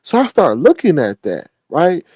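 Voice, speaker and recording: A man rambles through a casual monologue, swearing freely and breaking off mid-sentence. His voice is dark and mellow at a middle pitch. It is recorded close and dry, with no room sound. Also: huge pitch swings, normal speed, husky, dry recording. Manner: rambling, profane, restarts himself.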